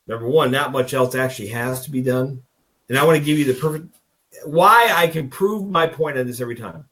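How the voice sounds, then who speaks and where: A man's voice: mid-range voice, brisk, fairly bright tone. A man co-hosting a political podcast, talking in a folksy, rambling, emphatic way and acting out little dialogues. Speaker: podcast co-host. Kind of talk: casual political talk. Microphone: video call.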